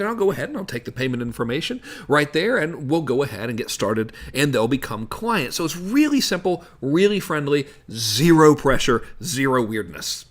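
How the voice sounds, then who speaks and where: A man's voice: on the high side, very animated, a little fast, a bit bright. A man coaching on sales in a casual, instructional way, acting out parts of his calls as he explains. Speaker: business coach.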